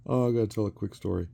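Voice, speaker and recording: A man's voice: on the low side, vocal fry, warm tone. A man in his sixties telling a rambling story with chuckles and fillers while he works on a craft. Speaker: resin crafter.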